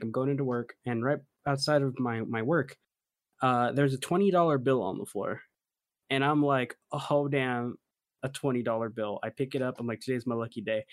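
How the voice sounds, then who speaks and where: A man's voice: medium pitch, no room sound. Young male podcast host, casual storyteller, dry close sound. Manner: animated storyteller, rising to laughing disbelief.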